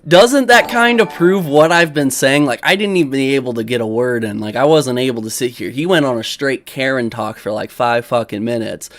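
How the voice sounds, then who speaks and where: A young man talks loosely to his livestream audience at a middle pitch, often breaking into laughter. He rambles and turns defensive when challenged. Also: a little fast, few pauses, fairly bright tone. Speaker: livestream host. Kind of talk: casual livestream commentary.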